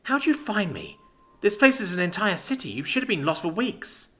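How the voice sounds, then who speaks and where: A man voicing a guarded, defiant young woman in a narrated story, pleading at times and sharp and scornful at others. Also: high voice, very animated, moderate pace, voice pushed up, full character voice. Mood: wary.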